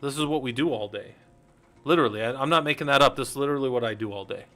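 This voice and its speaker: A man's voice: medium pitch, racing, fairly bright tone. A middle-aged man hosting a casual teaching stream, rambling and interrupting himself, laughing at his own jokes. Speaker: host.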